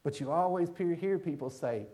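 A man preaching a sermon, joking with the congregation in an animated way. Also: a little high, normal speed.

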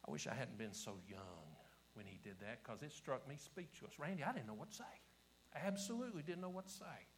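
A man with an Appalachian accent preaching a revival sermon to a church congregation, swinging from shouting to hushed whispers and repeating his phrases. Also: mid-range voice, very animated, brisk, slight background noise, poor audio. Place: church service before a congregation.

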